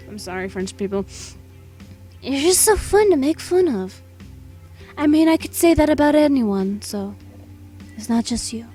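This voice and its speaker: A woman's voice: fairly high pitch, expressive, a little slow, pauses often, darkish tone, breathy edge, faint music behind. A woman reading through a visual novel with goofy, joking casual commentary and the odd swear.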